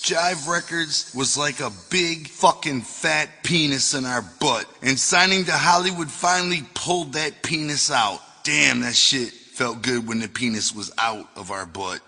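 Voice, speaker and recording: A man's voice: mid-range voice, measured pace, few pauses, pushed and bright, big-room sound, soft background music. A man reading his own memoir aloud as an audiobook, telling it in a profane, wisecracking way.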